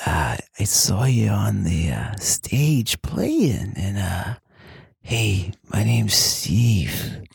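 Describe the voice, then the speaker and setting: A man's voice: on the low side, sing-song, gravelly, slightly rough, no room sound, studio quality, pitched below the performer's own voice, full character voice. A man putting on a fumbling Queens barfly. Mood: awkward flirting. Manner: fumbling, halting flirt with hesitations. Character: man from Queens trying a pickup line at a bar.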